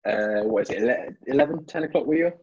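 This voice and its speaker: A man's voice: medium pitch, expressive, fast talker, mellow, slightly rough, highs cut off. A British man, a fitness writer, chatting as a podcast guest over a remote call, often repeating words as he thinks. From Britain. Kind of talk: casual interview chat.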